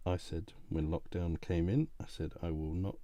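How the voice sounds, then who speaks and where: A man's voice: low-pitched, steady tone, normal speed, mellow, dry recording. A British man chatting casually and self-deprecatingly on a live stream, with some mild swearing.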